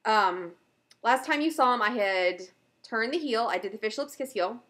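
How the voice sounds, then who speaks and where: A woman's voice: on the high side, animated, normal speed, fairly bright tone. A woman hosting a knitting video podcast, chatting casually and enthusiastically about her projects with frequent fillers. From Southern US. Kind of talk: casual show-and-tell chat.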